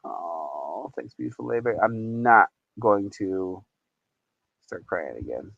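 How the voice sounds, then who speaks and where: A man's voice: fairly low pitch, animated, slow pace, creaky, a bit bright, no echo, highs cut off. A man hosting a casual livestream, chatty and rambling, laughing often and reading out chat messages. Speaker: livestream host.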